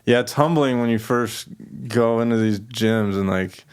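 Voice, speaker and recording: A man's voice: mid-range voice, moderate pace, clean tone. A man hosting a podcast, asking questions in an easygoing way with lots of short affirmations. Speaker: podcast host. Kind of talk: casual interview chat.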